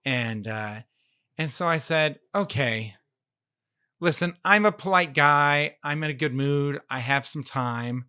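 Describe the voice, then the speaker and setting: A man's voice: a little high, unhurried, sharp tone, clear, resonant tone. A man co-hosting a podcast, telling a story in casual chat and acting out the dialogue he quotes. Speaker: podcast co-host.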